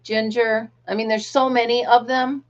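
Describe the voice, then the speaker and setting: A woman's voice: on the high side, little pitch movement, moderate pace. A middle-aged American woman hosting a casual live chat, reading viewer comments aloud and laughing often. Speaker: livestream host. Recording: dull lo-fi livestream audio.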